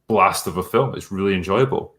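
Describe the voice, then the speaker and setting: A man's voice: low-pitched, fairly quick, fairly bright tone. A man hosting a casual chat about a film, laid-back and full of fillers.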